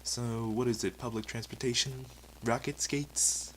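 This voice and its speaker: A man's voice: medium pitch, steady tone, unhurried, a little hiss or hum, rough recording. A man hosting a comedic mock talk show, asking questions in a flustered, patient way. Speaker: talk show host in a sketch.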